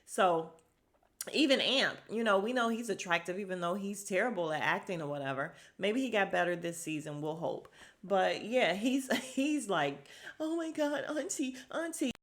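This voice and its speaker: Animated woman recapping a show. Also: lowish voice, normal speed. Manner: animated, laughing, acts out characters' lines. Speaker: podcast host recapping a TV episode. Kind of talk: casual recap chat.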